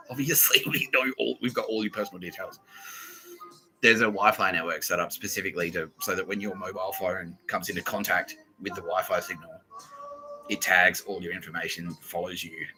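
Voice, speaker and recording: Talking fast in a low, sharp voice, an Australian man hosting a podcast tells a rambling story, swearing and sounding agitated throughout the casual monologue. Soft music plays in the background of the rough recording.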